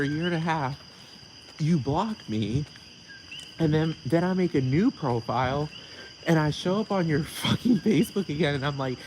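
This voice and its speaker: A man's voice: on the high side, lively intonation, normal speed. A man ranting to camera in a sassy, heavily profane way and laughing often, outdoors at night. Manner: sassy, heavy swearing, frequent laughter. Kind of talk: casual profane rant to camera. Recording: noisy background with crickets.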